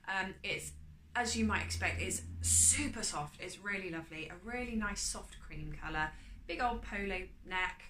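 A woman chatting casually as she shows off her charity shop clothes haul, upbeat and often trailing off quietly. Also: medium pitch, moderate pace, background noise. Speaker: vlogger. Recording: echoey room with faint ambience.

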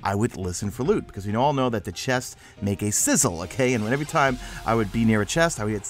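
A man's voice: fairly low pitch, fast, soft background music. A young man with a New York accent, sleepy and rambling as he narrates a game walkthrough. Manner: rambling, energetic, self-mocking. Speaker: gaming YouTuber.

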